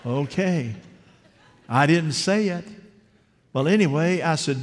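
Preacher, man, higher voice, chatty storytelling sermon, long church reverb. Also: slow. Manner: conversational, asks the congregation questions.

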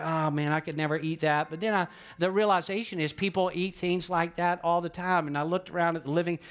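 Singing bits of old hymns now and then, a pastor with a slightly high, fairly bright voice delivers his sermon conversationally. He poses questions to the congregation and repeats phrases to stress his points.

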